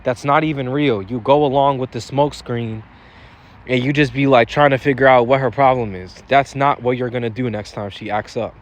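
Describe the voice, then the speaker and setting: A young man talks straight to his viewers in a casual advice vlog. His voice sits at an ordinary middle pitch. His delivery is blunt and profane, and he restarts and repeats phrases as he drives his points home. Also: steady tone, normal speed. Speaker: dating advice vlogger. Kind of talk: casual advice monologue to camera.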